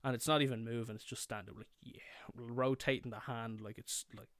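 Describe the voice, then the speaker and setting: Young Irish man, comic storyteller, foul-mouthed, smooth mid-pitched voice, dry sound. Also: fairly even intonation, brisk, fairly bright tone, dry recording. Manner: swears a lot, acts out his younger self and friends.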